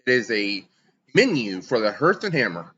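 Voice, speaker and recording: A man's voice: mid-range voice, sing-song, normal speed, fairly bright tone, husky, muffled recording. A man narrating as game master of a tabletop game, talking loosely and casually.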